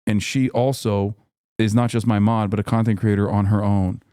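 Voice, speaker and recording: Guy streamer going off at chat, swears a lot, smooth clear voice, dry close mic. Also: on the low side, little pitch movement, moderate pace, warm tone, no room sound. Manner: heated, profane, exasperated ranting. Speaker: livestream host. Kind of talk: livestream commentary reading chat.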